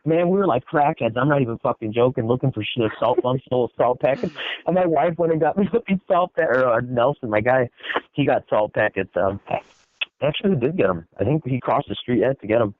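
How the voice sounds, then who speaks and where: A man's voice: mid-range voice, expressive, fairly quick, no echo. A man hosting a podcast in casual chat, swearing often and acting out quotes in a raised voice. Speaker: podcast host. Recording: dry, tinny phone-like sound.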